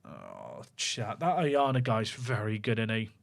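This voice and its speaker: A gaming streamer plays a football management game on stream, chatting casually with viewers and thinking aloud. His voice is lowish with vocal fry and wildly swooping pitch, and he speaks unhurriedly.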